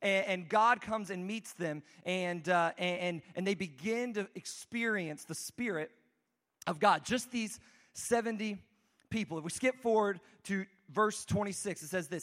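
A man's voice: sits high, normal speed, fairly bright tone. A man preaching a conversational sermon, telling the story casually with frequent restarts and asides. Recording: long hall reverb.

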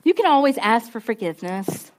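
A woman preaches to students in a conversational, emphatic way and calls on the room to repeat her words. Her voice is high. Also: big pitch swings, brisk. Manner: call-and-response, conversational, emphatic. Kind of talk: sermon to students.

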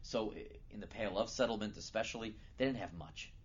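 A man giving a sermon as a lively storyteller who builds to loud, emphatic peaks. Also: on the low side, fast talker. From United States. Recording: dull lo-fi recording with faint noise.

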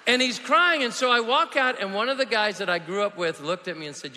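Bright-voiced male pastor preaching in a hall. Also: high-pitched, a little fast, few pauses. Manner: storytelling, swings from quiet asides to shouted emphasis. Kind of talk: sermon. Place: large church hall.

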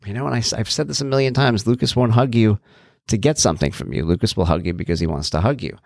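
A man's voice: fairly low pitch, quick pace, gravelly, no room sound, studio quality. A man hosting his own podcast, talking earnestly and casually, thinking aloud with frequent restarts. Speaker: podcast host and author. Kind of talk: casual solo podcast talk.

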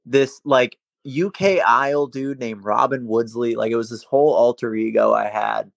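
A young man from Massachusetts chats casually on a podcast, laughing and cursing as he tells a story. His voice has a gravelly, creaky edge, and the sound is dry and close. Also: medium pitch, normal speed, dry recording. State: day drinking. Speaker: podcast co-host. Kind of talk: casual chat.

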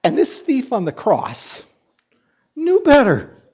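A man's voice: very high voice, wildly swooping pitch, slow, darkish tone, breathy edge. A man preaching a sermon as pastor, reading scripture and making emphatic points with repeats and asides to the congregation. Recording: dull lo-fi recording.

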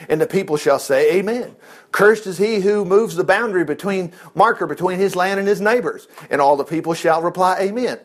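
Animated high-voiced preacher. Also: male voice. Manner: animated, jumps between loud exclamations and quick low asides. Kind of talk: lively sermon mixing scripture reading and asides.

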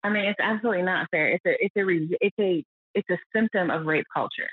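A woman's voice: on the low side, fast talker, breathy edge, dry recording. An earnest, reflective woman talks openly as a guest, now and then dropping her voice to quote other people. The sound is thin and phone-like. It is dry, with no room around it. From United States. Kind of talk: candid podcast conversation.

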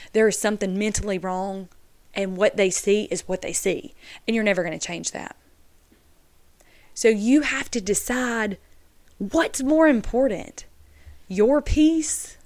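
Chatty woman podcasting solo. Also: medium pitch. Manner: earnest, chatty, addresses listeners as y'all. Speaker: podcast host. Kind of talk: casual solo podcast talk.

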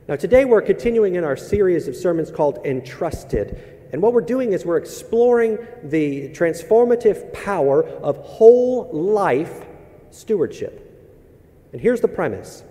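Brief: male pastor, warm dark tone, chatty sermon delivery with wry asides, big church reverb. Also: on the high side. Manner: conversational, joking asides between scripture and prayer. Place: church sanctuary. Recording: long hall reverb.

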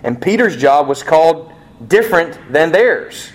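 A pastor preaches conversationally in a fairly high, expressive male voice, posing rhetorical questions and acting out quoted lines. He slows down to stress the key points.

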